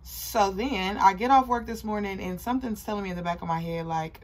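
A young woman tells a workplace story to her channel in a loose, profane, animated way. Her voice is husky at a middle pitch, blunt and quick to curse. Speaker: vlogger telling a work story. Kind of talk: casual storytime.

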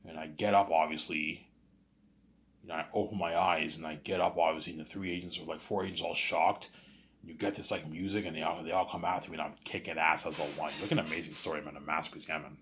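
Deep-voiced man rambling a long story. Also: quick pace. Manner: rambling, repeats "he's like" and "you know what I'm saying"; swings into loud excited bursts. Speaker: streamer telling an imagined story. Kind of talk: rambling casual monologue.

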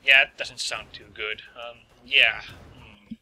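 A man's voice: medium pitch, slow pace, slight background noise, rough recording. A man commenting as he plays a video game, joking and talking to his viewers. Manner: joking, lively, talks to viewers. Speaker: let's play host. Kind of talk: gameplay commentary.

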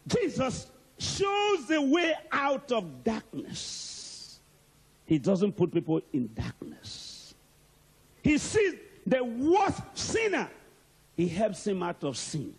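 A man's voice: extremely high pitch, slightly rough. A male archbishop preaching a sermon emphatically and calling out to the congregation.

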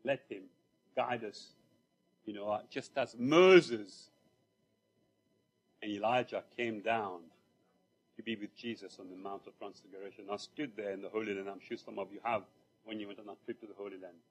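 A man's voice: on the low side, normal speed, long pauses, husky. A man from Mauritius, preaching a sermon in church in a conversational storytelling way, with asides to the congregation. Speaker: lay preacher.

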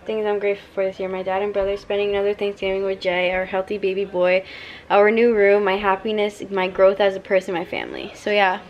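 A young woman in her late teens chatting casually to a camera set down at home at night, soft, heartfelt and rambling. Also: medium pitch, fairly quick, highs cut off. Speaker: vlogger. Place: home at night, taking off makeup. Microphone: camera set down nearby.

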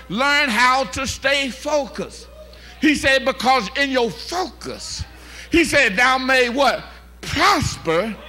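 A male pastor preaching a fervent call-and-response sermon in a church, rising to shouts. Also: very high-pitched. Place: church sanctuary. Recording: live church service with organ music behind.

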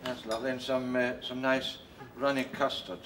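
A man's voice: medium pitch, little pitch movement, moderate pace, recorded from a distance, very noisy, natural voice. A man playing a greedy, gushing Scottish diner. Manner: greedy, effusive, fussing over food. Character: greedy, gushing middle-aged man ordering food. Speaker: hungry train passenger at a canteen. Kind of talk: 1980s TV sketch comedy acting.

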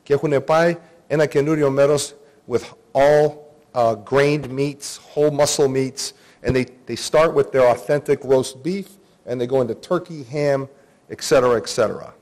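A man's voice: medium pitch, normal speed, darkish tone. Man giving a business talk. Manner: mixes Greek and English, conversational. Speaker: conference speaker. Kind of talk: business presentation.

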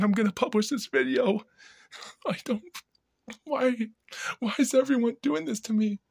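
A man vlogging in a distressed monologue, his voice gravelly and husky. He talks anxiously and repeats himself, slipping at times into panicked whispers. The sound is dry and close, with no room around it. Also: high voice, dry recording.

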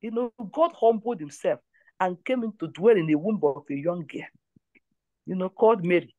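A woman's voice: on the low side, lively intonation, normal speed, warm tone, no echo, muffled recording. A woman leads a prayer line, giving testimony and exhortation in an emphatic, repetitive way. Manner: emphatic, repeats phrases.

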